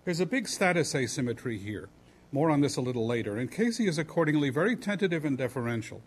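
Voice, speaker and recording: A man giving an academic lecture in a measured, analytical way with formal wording. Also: a little high, big pitch swings, a little hiss or hum.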